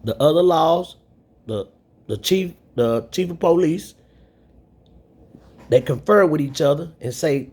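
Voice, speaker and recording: Man, high voice, rambling rant, repetitive, profane. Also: lively intonation, a little slow, pauses often, a little mellow, breathy edge. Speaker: commentator. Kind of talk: ranting commentary.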